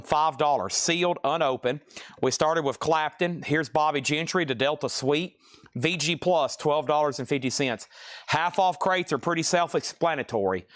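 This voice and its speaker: A man hosting a live record sale stream, rattling off items, grades and prices in a brisk, matter-of-fact way. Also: fairly high pitch, fairly bright tone, no room sound, studio quality. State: briefly out of breath. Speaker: livestream record sale host. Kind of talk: live sales patter.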